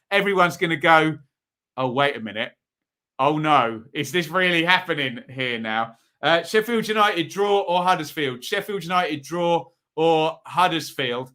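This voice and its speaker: A man's voice: on the high side, pushed and bright. A man hosting a live football preview, chatting and reading out viewer predictions. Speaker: football podcast host.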